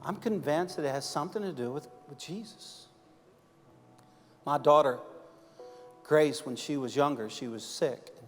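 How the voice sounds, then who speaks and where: A man preaching a sermon as a pastor, swinging from loud, emphatic peaks down to soft, close storytelling. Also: a little high, measured pace, long pauses. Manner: impassioned, rising to loud emphatic peaks then dropping soft. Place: church auditorium. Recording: large hall reverb with faint music behind.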